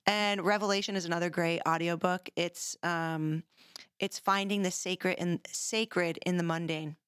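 A woman co-hosting a casual podcast, animated and jokey, laughing often as she talks. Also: lowish voice, a little slow, clean tone, dry recording, studio quality. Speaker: podcast co-host. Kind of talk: casual chat.

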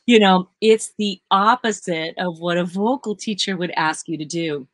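A woman session singer chatting in an interview, telling lively stories and laughing often. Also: lowish voice, moderate pace, dry recording. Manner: animated storyteller who acts out quotes, laughs often. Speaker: session singer and vocal workshop teacher. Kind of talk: casual interview chat.

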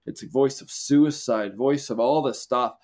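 A man co-hosting a podcast, telling a testimony story in conversation with animated, lively retelling. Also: medium pitch, measured pace. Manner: animated, excited retelling with acted quotes. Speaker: podcast co-host.

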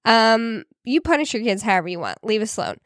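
A woman's voice: fairly high pitch, animated, brisk, fairly bright tone, dry recording, studio quality. A woman co-hosting a podcast, talking in casual chat with many fillers. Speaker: podcast co-host.

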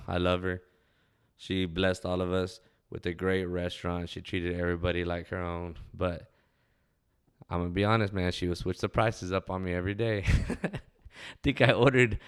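A man's voice: deep voice, clear, resonant tone. A young man telling laid-back, profane stories from his hometown. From West Texas. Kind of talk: casual storytelling monologue.

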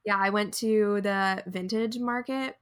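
A woman's voice: medium pitch, fairly even intonation, unhurried, clean tone. A young woman co-hosting a podcast, chatting casually with lots of "like" and frequent laughter. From near Raleigh, North Carolina. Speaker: podcast co-host. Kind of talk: casual chat.

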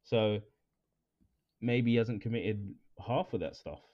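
A man with an English accent, co-hosting a casual chat podcast, animated and jokey, repeating his phrases for effect. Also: on the low side, slow pace. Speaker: podcast co-host. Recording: dull lo-fi sound.

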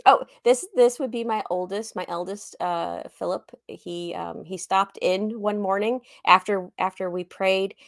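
A woman co-hosting a podcast over a video call, who giggles often and tells stories in a relaxed, chatty way. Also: mid-range voice, measured pace, hardly any pauses, no room sound, studio quality. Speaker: podcast co-host. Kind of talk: casual chat.

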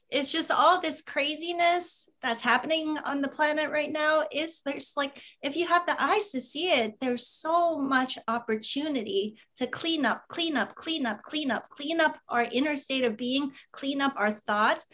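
A woman with a high voice speaks earnestly. She repeats her phrases as she goes, in the easy rhythm of a casual talk. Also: fairly bright tone.

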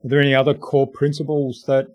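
A man's voice: mid-range voice, monotone, quick pace, a little mellow, no echo. Man hosting, dry close sound. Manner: short affirmations and summarizing follow-up questions. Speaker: podcast host. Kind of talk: interview chat.

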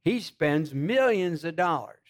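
A man hosting a Christian talk show, speaking slowly and haltingly in a preacherly way. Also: fairly high pitch, animated. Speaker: talk show host, pastor.

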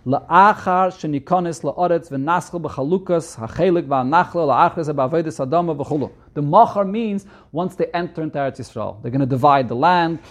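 A man with a Yeshivish accent and a fairly high voice gives a Torah lesson. He reads each Hebrew phrase, then explains it in English, repeating the main points. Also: fairly quick, few pauses. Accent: Yeshivish English with Hebrew and Yiddish terms. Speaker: Torah teacher. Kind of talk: reading Hebrew text and translating it into English.

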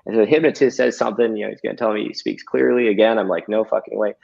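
A man's voice: lowish voice, rapid-fire, creaky. A man, a hypnotist guest, telling a story casually and animatedly, with lots of fillers and some swearing, over a video call. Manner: animated, profane, filler-heavy. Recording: dull lo-fi audio.

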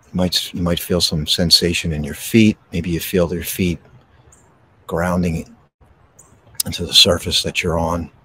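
A man hosting a podcast, guiding a slow, soothing breathing meditation outdoors. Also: low-pitched, slightly rough. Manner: slow, soothing, calm delivery with pauses. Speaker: podcast host and meditation guide. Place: outdoors in a park. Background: birds.

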